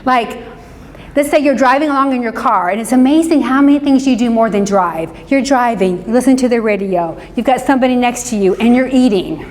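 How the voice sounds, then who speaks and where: She has a slightly high, darkish voice and talks a little fast, a Midwestern counselor and forgiveness speaker leading an interactive talk before a live audience. "Right?" comes up often as she checks in. Long hall reverb surrounds her.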